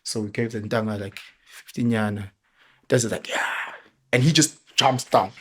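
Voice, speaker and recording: A middle-aged man with a South African accent, telling animated parenting stories in a casual podcast chat. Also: fairly low pitch, normal speed, slight background noise. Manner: animated storyteller, mixes local words into his talk. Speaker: father sharing parenting stories.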